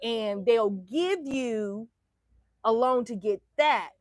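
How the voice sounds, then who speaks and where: Woman motivational speaker, faith testimony, emphatic and direct, slightly high voice, dry recording. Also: takes it slowly, dry recording. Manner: emphatic, bold, talks straight to listeners.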